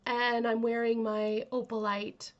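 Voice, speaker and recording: A woman hosts her own channel with a gentle, chatty delivery full of fillers and asides. Her voice sits a little high and sounds stuffy from a cold. The recording is muffled and lo-fi. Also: measured pace. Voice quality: aims to sound calming and kind. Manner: chatty, soft, filler-heavy. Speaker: vlog host. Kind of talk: casual chat to camera.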